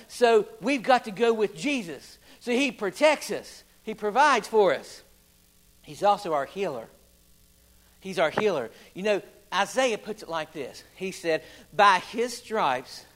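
A preacher with a strikingly high voice delivers a sermon to his congregation. He swings from booming declarations to hushed, folksy asides and pokes fun at himself along the way. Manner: folksy and self-deprecating asides. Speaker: pastor.

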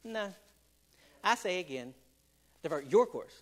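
Man doing a calm lighthouse keeper, dry, low-key, unhurried. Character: calm, unbothered male Canadian lighthouse keeper.

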